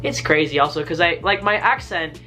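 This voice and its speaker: A man's voice: on the high side, expressive, moderate pace, sharp tone, faint music behind. An American man talking casually and enthusiastically to the camera in a vlog, rambling a bit with lots of fillers. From United States. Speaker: vlogger.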